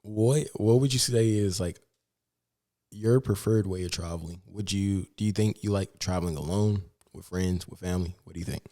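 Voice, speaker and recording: A man's voice: sits low, normal speed, mellow. A man co-hosting a podcast, telling travel stories in a casual chat, full of "like" fillers. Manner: chatty, many "like" fillers, storytelling. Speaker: podcast co-host.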